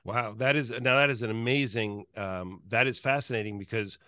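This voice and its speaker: A man's voice: medium pitch, moderate pace, sharp tone, no room sound, clean studio sound. A man hosting an interview, eager and rambling with many fillers and restarts. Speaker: podcast host. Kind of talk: casual interview chat.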